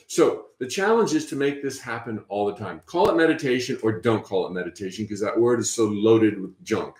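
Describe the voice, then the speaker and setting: A man hosting a spiritual workshop, talking in a gentle, encouraging way with frequent fillers and restarts. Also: fairly low pitch, lively intonation, a little fast, hardly any pauses, reverberant. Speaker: workshop host. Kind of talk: guided spiritual workshop talk.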